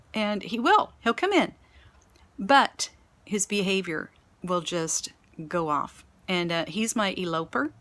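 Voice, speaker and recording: Woman teacher, lower register, loose and unscripted, lots of ums and restarts. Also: fairly bright tone. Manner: rambling, self-correcting, with frequent ums. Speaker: special education teacher. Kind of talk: recorded class reflection.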